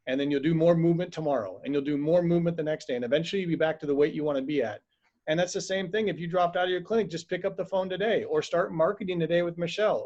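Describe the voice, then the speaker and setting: Guy chatting on a video call, quick stories, kinda muffled lo-fi sound. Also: a little high. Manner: chatty, animated storytelling with acted quotes. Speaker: acupuncturist and host. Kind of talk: casual chat on a video call. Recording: dull lo-fi video call audio.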